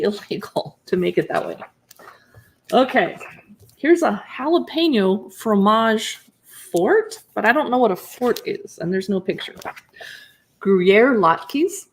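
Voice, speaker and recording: A woman's voice: on the high side, big pitch swings, measured pace. A woman who blogs about cookbooks, chatting casually on a live stream as she pages through recipes and answers viewers in chat.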